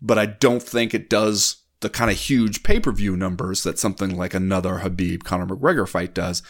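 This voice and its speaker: A man co-hosting a sports podcast, weighing things out loud in casual chat. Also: sits low, steady tone, moderate pace. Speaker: podcast co-host.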